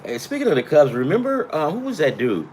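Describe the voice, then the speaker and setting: Lively, rambling, profane man. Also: a little high, brisk, slight background noise. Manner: self-deprecating. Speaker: sports betting picks host. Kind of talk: casual betting chat.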